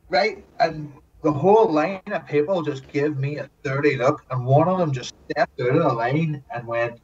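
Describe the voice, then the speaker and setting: Animated swearing man telling set stories. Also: on the high side, moderate pace, far from the mic, highs cut off, slight background noise. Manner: animated, swears often, acts out quotes. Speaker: guest, former TV extra. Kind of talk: casual storytelling.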